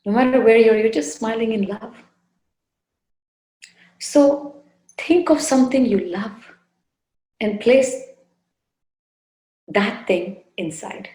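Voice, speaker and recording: A woman spiritual teacher giving a devotional talk with guided meditation, soft, unhurried and gently coaxing, often repeating her phrases. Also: mid-range voice, echoey room, low-quality recording. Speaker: spiritual teacher leading a satsang. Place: indoor room.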